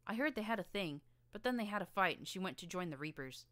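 A woman's voice: fast, dry recording, close to an everyday voice. Woman doing a bouncy gleeful pink filly. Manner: excited, gleeful and high.

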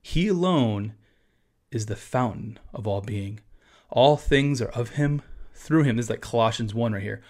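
A man's voice: mid-range voice, normal speed, darkish tone. Man talking through a statement of faith. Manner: conversational, with fillers and asides. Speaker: pastor. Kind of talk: casual teaching podcast.

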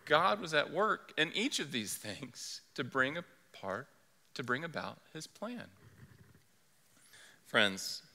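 A man's voice: mid-range voice, pushed and bright, in a large hall. A male pastor preaching a sermon in an earnest, conversational way. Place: church sanctuary.

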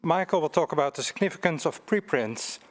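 A man's voice: a little high, expressive, fairly quick. A man introducing a speaker at a seminar, a little out of breath and hesitant, with many fillers. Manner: hesitant, with restarts. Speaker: seminar moderator.

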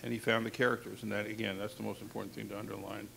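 A man's voice: lowish voice, level tone, very fast, gravelly, pushed and bright, slight background noise. A man coaching a class on reporting, speaking candidly and conversationally in a classroom session. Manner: candid, conversational, frank asides. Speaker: talent coach. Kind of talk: instructive classroom talk.

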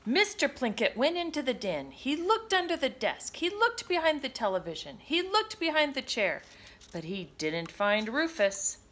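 A woman reading a children's picture book aloud in an expressive, sing-song manner. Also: sits high, normal speed. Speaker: storybook reader. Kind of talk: children's read-aloud narration.

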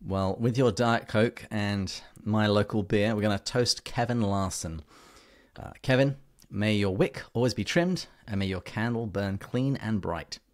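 A man's voice: lowish voice, a little slow. A man from Wisconsin hosting a casual podcast interview in an easygoing, chuckling manner. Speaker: podcast host.

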